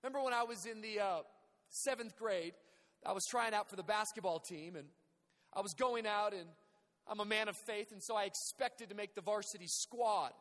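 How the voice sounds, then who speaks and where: A male pastor praying and preaching in a church, energetic and humorous, calling out to the congregation. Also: high-pitched, normal speed. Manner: energetic, humorous, calls to the crowd. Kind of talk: sermon with storytelling. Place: church sanctuary. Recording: long hall reverb.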